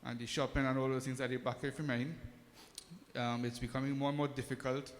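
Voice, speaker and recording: In a reverberant temple hall, a pandit addresses the congregation informally during a service, friendly yet hesitant and full of ums. His voice is mid-pitched with little movement, and he talks a little fast.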